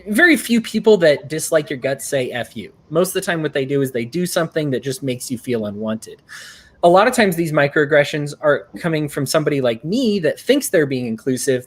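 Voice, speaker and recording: A man hosting an interview, earnest and rambling, with frequent restarts. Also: mid-range voice. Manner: earnest, rambling, often acts out quotes. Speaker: host.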